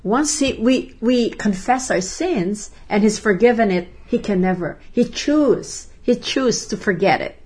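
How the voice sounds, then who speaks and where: A woman's voice: a little high, lively intonation, a little slow, few pauses, darkish tone. A woman answering and affirming in a conversational Bible discussion, fervent and responsive.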